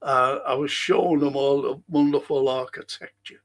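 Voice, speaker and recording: With a mid-range voice at a moderate pace, a middle-aged podcast host reads out viewer comments. It's casual livestream chat, rambling and chatty, with frequent restarts and fillers.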